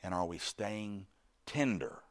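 A middle-aged man preaching a sermon, animated, shifting from loud bursts to quiet asides and acting out the voices in his story. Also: on the low side, slow pace. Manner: acts out quoted speech in the story.

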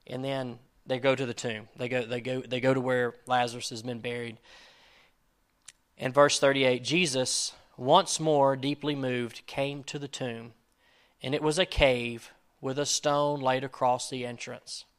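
A man's voice: medium pitch, flat delivery, measured pace, clean tone. A man preaching a sermon in a casual, conversational way, reading scripture and acting out what people in it might say. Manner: casual preaching with fillers, acts out quoted speech. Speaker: pastor.

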